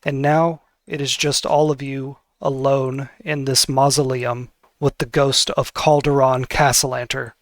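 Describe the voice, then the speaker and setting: A man's voice: medium pitch, a bit bright, no room sound. Hesitant man running a tabletop game. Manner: hesitant, with many fillers. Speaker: game master.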